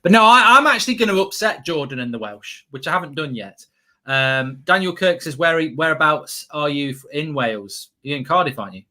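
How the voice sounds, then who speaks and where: A man's voice: on the high side, big pitch swings, a little fast, pushed and bright. A man hosting a casual football watchalong, chatty and jokey, rambling and reading out live chat comments. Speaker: host.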